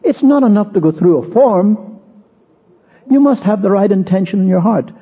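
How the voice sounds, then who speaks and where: Preaching an expository sermon, a man with a high, husky voice sounds expressive and keeps a moderate pace. The old recording is tinny and narrow-band; he walks through verses stressing repeated words, then relates a personal story.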